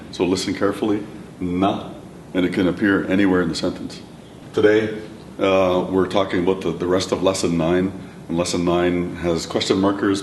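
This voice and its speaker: Low-voiced man teaching in an echoey room. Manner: patient, repeats words slowly for learners. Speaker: language instructor. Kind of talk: classroom lesson. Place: classroom or lecture room. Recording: echoey room, mic at a distance, faint rumble.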